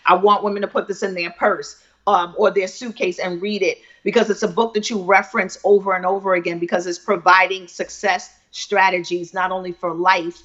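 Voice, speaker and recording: A woman's voice: mid-range voice, fairly bright tone. A woman author answering interview questions with confident, persuasive energy, like a keynote speaker. Her audio sounds a little dull and lo-fi. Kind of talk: live video interview.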